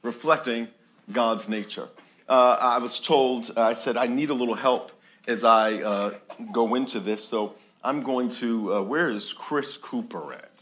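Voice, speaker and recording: A mid-range, slightly bright male voice, a little slow, belongs to a preacher aged somewhere in his thirties or forties. He delivers a lively, joking sermon in a church hall and draws responses from the congregation present.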